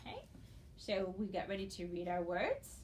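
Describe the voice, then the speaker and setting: A woman teaching a recorded phonics lesson, speaking patiently and encouragingly and spelling out letters slowly for her students. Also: medium pitch, huge pitch swings, a little hiss or hum. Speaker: reading teacher.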